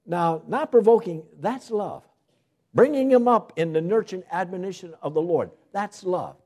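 A man preaching in church with a fairly high voice. His pitch swoops up and down as he stresses key words and pauses for effect. He sounds like a pastor delivering a sermon. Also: lively intonation, a little mellow. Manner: preaching with dramatic pauses and emphatic rises.

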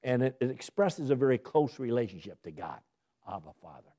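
Male Bible teacher, sermon delivery, husky, animated pitch, questions his listeners. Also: fairly quick. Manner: asks the listeners questions and answers them himself; lively, rising emphasis on key words. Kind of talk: sermon-style Bible study.

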